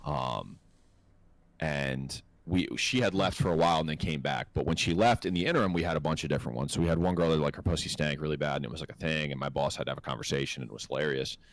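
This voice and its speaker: A man with a very low voice tells a story with lots of swearing and laughter. He is a casual podcast host who gets animated at the funny parts. The recording is dry and close. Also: quick pace, no room sound. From North America.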